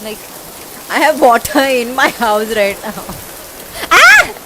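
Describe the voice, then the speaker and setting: A woman with a high voice speaks slowly on a casual live stream, coaxing her dog in baby talk. Steady rain rushes clearly behind her. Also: heavy background noise. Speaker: live streamer chatting with fans. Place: at home by the rain.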